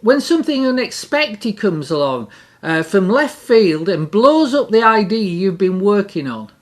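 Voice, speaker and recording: A middle-aged speaker giving a devotional talk in an animated way, repeating key phrases for emphasis. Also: medium pitch, unhurried.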